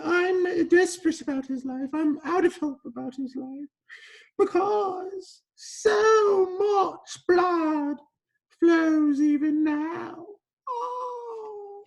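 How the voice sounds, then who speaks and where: A man voicing a desperate male Roman helper in a high falsetto with an old-fashioned put-on accent. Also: warm tone, natural voice.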